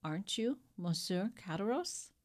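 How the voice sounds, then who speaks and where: A woman's voice: mid-range voice, animated, a little slow, lightly acted. A woman doing a priest with an Italian accent. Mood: probing. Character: calm, probing male priest traveler.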